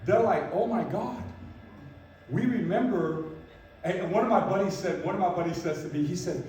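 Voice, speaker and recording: High-voiced man in his fifties, echoey room. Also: normal speed, a little mellow, a little hiss or hum. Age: 50s. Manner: emphatic, repeats phrases, keeps asking "right?". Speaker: motivational speaker. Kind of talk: motivational talk to a live audience. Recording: echoey room from far off, faint background ambience.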